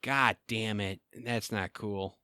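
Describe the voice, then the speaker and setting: A man's voice: fairly low pitch, fairly even intonation, takes it slowly, pushed and bright, clean tone, no echo. A middle-aged man hosting a casual solo podcast, rambling and self-deprecating with lots of fillers, breathing heavily. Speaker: podcast host.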